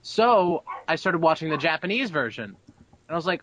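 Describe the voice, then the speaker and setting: A man's voice: on the high side, sing-song, moderate pace, a bit bright, lo-fi sound. A young man being interviewed about his voice acting, chatty and brash, laughing and swearing freely. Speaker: abridged-series voice actor, interview guest. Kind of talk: casual interview.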